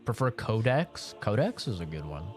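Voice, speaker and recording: A man's voice: lowish voice, sing-song, normal speed, faint music behind. A young man streaming a video game, telling stories in a laughing, sarcastic, casual way. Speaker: livestream gamer.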